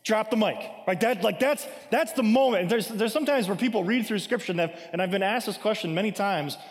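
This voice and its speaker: A man with a high-pitched voice gives a sermon in a casual, conversational way. He reads scripture aloud and then explains it, often asking "right?" His voice rings with a long hall echo. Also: a little fast. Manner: conversational, frequent "right?" asides. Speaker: preacher.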